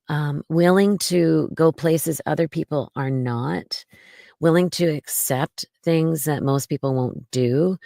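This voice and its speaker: A woman with a low, gravelly voice talks slowly and reassuringly as a podcast guest, sprinkling her speech with fillers. The sound is close and dry, with no room in it. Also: dry recording. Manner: slow, gentle and reassuring, with many fillers. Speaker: podcast guest, mommy domme. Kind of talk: casual interview talk.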